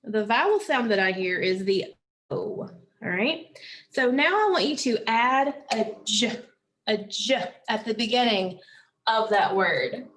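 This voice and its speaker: A woman teaching a phonics lesson, slowly and patiently sounding out words and syllables for children. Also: fairly high pitch, fairly bright tone, a little hiss or hum.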